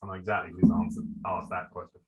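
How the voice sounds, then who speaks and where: A man's voice: sits low, level tone, fast talker, poor audio. A young man hosting a podcast, answering listener questions in a brash, sarcastic way with lots of swearing. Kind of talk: casual banter.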